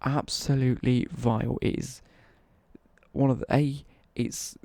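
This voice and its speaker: Young English male streamer, dark husky gravel, casual rambling anecdote, swears freely. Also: medium pitch, level tone, unhurried, no echo. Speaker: livestreamer. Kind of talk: casual storytelling on a livestream.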